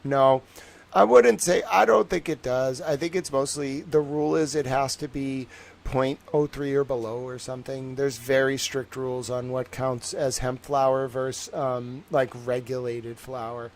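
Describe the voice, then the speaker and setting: A man's voice: medium pitch, fairly even intonation, moderate pace, creaky. A young man with a Boston accent chatting casually on his livestream, rambling and joking, with lots of filler words. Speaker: livestream host.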